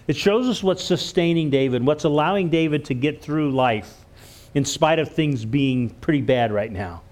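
A man's voice: on the high side, a little mellow. Earnest man preaching a sermon. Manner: earnest preaching with repeated restarts. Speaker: pastor. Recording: church sermon recording.

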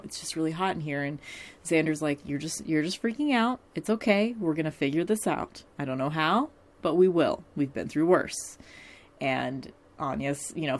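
Chatty low-voiced woman recapping. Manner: chatty, many fillers and asides, laughs often. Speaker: TV episode recapper. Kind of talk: casual episode recap.

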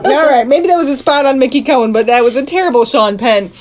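A woman co-hosting a movie podcast, chiming in with quick teasing comments and laughing easily. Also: high voice, darkish tone. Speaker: podcast co-host. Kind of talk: casual movie discussion.

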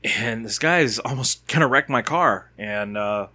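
A man with a bright, forceful voice tells a personal story off the cuff. He rambles and hesitates, restarting sentences and filling gaps with fillers as he goes. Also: mid-range voice, measured pace. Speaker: father recounting a personal experience.

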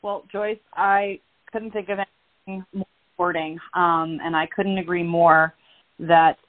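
A woman yoga teacher being interviewed, soft-spoken and measured, choked up with emotion. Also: fairly low pitch, fairly even intonation. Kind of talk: podcast interview. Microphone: call. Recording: tinny phone line.

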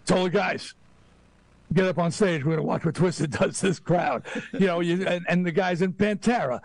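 A man's voice: high voice, normal speed, gravelly, no echo. A man who plays in a rock band, talking in a boastful, fired-up, emphatic way in a casual podcast conversation.

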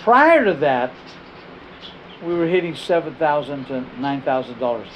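Middle-aged man, pastor, storytelling sermon; slightly high voice, animated, repeats himself mid-phrase. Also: unhurried, slight background noise, low-quality recording.

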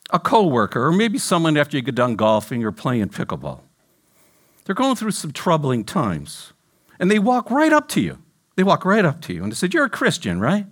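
Animated preacher man, lively rising voice. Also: on the high side, normal speed. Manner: animated, questioning the congregation directly. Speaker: pastor. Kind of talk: sermon.

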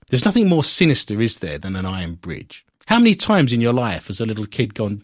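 A man's voice: fairly high pitch, sing-song, normal speed, no echo, clean studio sound. A man from Britain co-hosting a casual chat, reading news aloud and cutting in with sarcastic, mocking asides. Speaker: podcast co-host.

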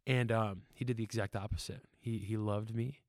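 A man's voice: on the low side, fairly even intonation, normal speed, darkish tone, no room sound, studio quality. A young man talking casually on a podcast, earnest and rambling, laughing often and with fillers. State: tearful. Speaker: podcast guest.

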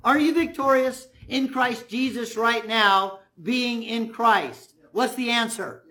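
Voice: mid-range voice, slow, pushed and bright. A preacher delivering a conversational sermon, asking the congregation questions and retelling stories in a casual way.

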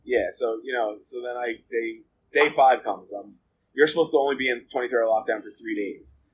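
A man's voice: mid-range voice, brisk, a little hiss or hum, poor audio. A man being interviewed, telling his own story in a blunt, profane, rambling way with lots of filler words. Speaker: interview guest. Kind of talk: candid storytelling about jail and addiction.

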